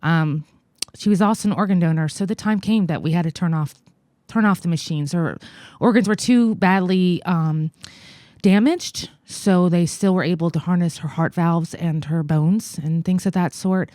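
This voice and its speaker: An American woman in her forties, a guest in an interview, telling a personal story in a halting, earnest way with many fillers. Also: lowish voice, mellow, no echo, clean studio sound. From United States. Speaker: guest, congressional candidate.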